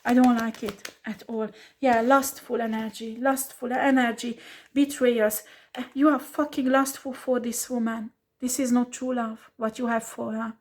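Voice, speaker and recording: A woman with a fairly high voice delivers a tarot reading as a blunt scolding. She swears freely and hammers home her points with repeated rhetorical questions. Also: little pitch movement, measured pace, darkish tone. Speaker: tarot reader.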